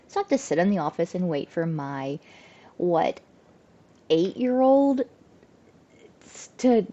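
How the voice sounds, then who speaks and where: Chatty mom vlogger, mellow voice. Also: female voice, mid-range voice, dull audio. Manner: chatty, animated, lots of "like" fillers. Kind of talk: casual storytelling to camera.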